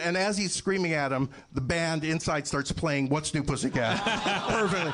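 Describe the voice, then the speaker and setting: A man's voice: a little high, normal speed, few pauses, fairly bright tone, slight background noise. A man telling a rambling comic story on a live podcast, laughing often and restarting his sentences. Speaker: guest comedian.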